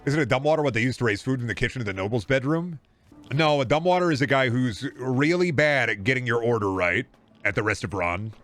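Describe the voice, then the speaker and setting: A young adult man streaming a game, ranting to chat in a profane, animated way and slipping into comic voices. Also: medium pitch, fairly quick, faint music behind. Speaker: gaming streamer. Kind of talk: casual rant to stream chat.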